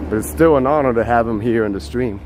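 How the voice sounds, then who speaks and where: A man live-streaming as he walks a city street outdoors, chatting to viewers in a relaxed way and laughing often, on a handheld phone. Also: mid-range voice, fast, background noise. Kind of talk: walking live-stream chat.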